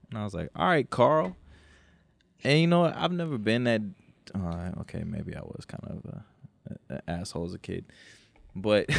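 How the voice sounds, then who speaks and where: A man's voice: on the low side, vocal fry, no echo. A young man co-hosting a podcast, telling a profane, laid-back story with frequent laughter. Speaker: podcast co-host. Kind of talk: casual storytelling chat.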